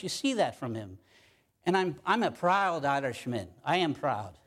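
A man preaching a sermon as pastor, stressing key phrases by repeating them and reading scripture verses slowly and deliberately. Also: on the high side, sing-song, a bit bright.

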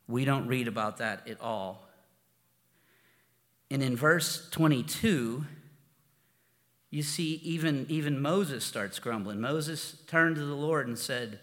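A man's voice: mid-range voice, slow, long pauses, fairly bright tone. A pastor giving a conversational sermon, informal and storytelling, often restarting his sentences. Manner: informal and storytelling, with frequent restarts and "you know". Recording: long hall reverb.

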